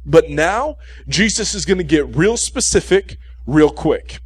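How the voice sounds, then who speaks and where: A male preacher delivers a sermon with lively, humorous storytelling, circling back to repeat his main points and checking in with the room. His voice sits a little high for a man. The sound is close and dry, with almost no reverb. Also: measured pace, husky. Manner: animated, repeats key points and checks in with "okay?".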